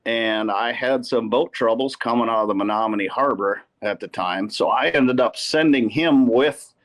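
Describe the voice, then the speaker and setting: A man from Wisconsin, a podcast guest telling casual fishing stories in an animated way. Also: lowish voice. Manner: animated anecdote teller who acts out quotes. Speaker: podcast guest, pro angler. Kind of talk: casual storytelling.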